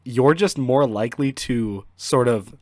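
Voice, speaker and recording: A man hosting a podcast in casual chat, halting and trailing off softly as he thinks. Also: medium pitch, no echo, studio quality. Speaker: podcast host.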